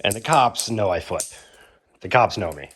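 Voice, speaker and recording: Young man telling a lively storytime. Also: on the low side, moderate pace, a little hiss or hum. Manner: animated storytelling with acted-out quotes and laughs. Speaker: knife-flipping YouTuber. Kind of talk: casual storytime.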